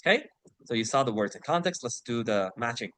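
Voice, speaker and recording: A man's voice: mid-range voice, expressive, a bit bright, no room sound. Man teaching English vocabulary, dry sound. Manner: explains and checks in with frequent "right?"; slows to read example sentences and passages aloud. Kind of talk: online English vocabulary lesson.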